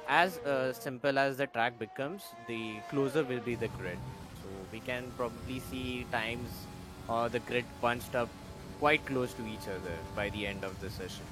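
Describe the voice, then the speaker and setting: A man adds color commentary to an online race, talking casually and filling pauses with plenty of ums. His pitch is middling. Music plays clearly in the background. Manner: chatty, hesitant with many fillers. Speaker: co-commentator and racer.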